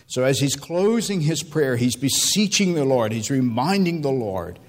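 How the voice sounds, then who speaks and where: A man preaching a sermon, building emotional appeals with repeated rhetorical questions and dropping to a low, hushed tone at times. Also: big pitch swings, normal speed, hardly any pauses. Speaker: pastor.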